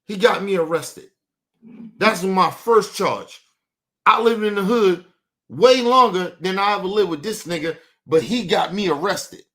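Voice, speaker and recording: A young man, ranting emotionally and profanely on a live stream, dropping low and quiet, then bursting out loud. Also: expressive, measured pace.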